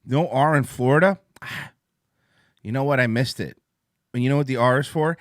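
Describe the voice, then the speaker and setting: A man's voice: medium pitch, lively intonation, moderate pace, a bit bright, dry recording, clean studio sound. A man hosting a casual livestream talk show, rambling and profane, amped up on coffee. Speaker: podcast host.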